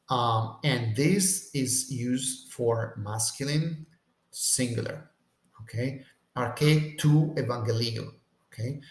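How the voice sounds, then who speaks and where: Man teaching Greek in a roomy echo. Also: mid-range voice. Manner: checks in with "okay?" after almost every point. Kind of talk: Bible language lecture.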